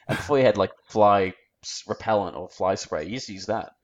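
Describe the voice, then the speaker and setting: A man's voice: on the low side, brisk, dull audio. An Australian man chatting casually as a podcast co-host, rambling easily and searching for his words. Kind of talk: casual chat.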